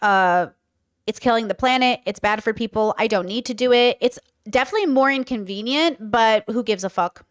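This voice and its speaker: A woman's voice: on the high side, fairly quick, dry recording. Chatty, opinionated young woman, dry close sound. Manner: chatty, opinionated, many fillers. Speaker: host reacting to a podcast clip. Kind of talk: casual commentary.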